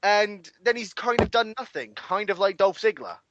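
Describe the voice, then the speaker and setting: A man co-hosting a casual podcast chat, telling animated, profane stories about the news. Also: high voice, normal speed, dull audio. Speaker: podcast co-host.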